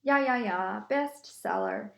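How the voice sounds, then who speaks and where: A woman voicing a courtly male medieval printer with a thick German accent, speaking slowly and eagerly. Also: high voice, huge pitch swings, gravelly, exaggerated voice. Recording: echoey room.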